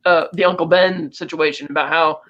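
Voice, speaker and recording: A man co-hosting a casual movie review chat, rapidly recapping the plot and acting out the characters' lines. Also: fairly high pitch, fairly even intonation, lo-fi sound. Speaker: podcast co-host.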